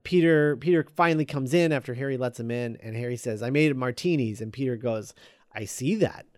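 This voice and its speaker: Walking through a script one scene at a time, a man rambles with plenty of fillers and relays the characters' lines flatly. He talks briskly at medium pitch, recorded dry in a clean studio.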